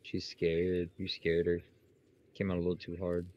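A man's voice: deep voice, completely flat delivery, normal speed, darkish tone, muffled recording. A young man gaming with a friend, teasing and swearing in a laid-back way over voice chat. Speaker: gamer. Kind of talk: casual let's play banter.

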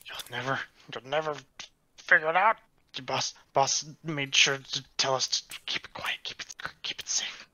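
A man's voice: medium pitch, moderate pace, bright, forceful tone. A man voicing a frantic, captive male goblin who mutters and whispers in a tabletop game. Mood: panicked, defiant.

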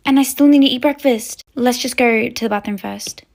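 A woman's voice: fairly high pitch, moderate pace, gravelly, darkish tone. A woman telling a toy-app role-play story as a schoolgirl, chatty and dramatic with lots of fillers.

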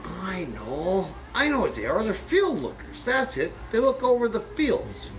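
A man putting on a loud, high Russian soldier. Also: big pitch swings, soft background music, low-quality recording. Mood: insistent. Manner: slow, emphatic, pointing and declaring. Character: boastful male Russian soldier guessing ranks.

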